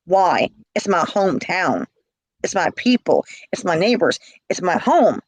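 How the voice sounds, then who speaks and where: A middle-aged woman tells an emotional personal story in an interview, speaking with passion, repeating herself, and acting out calls she quotes. Her voice is medium in pitch and her pace is measured. The recording is rough but has no echo.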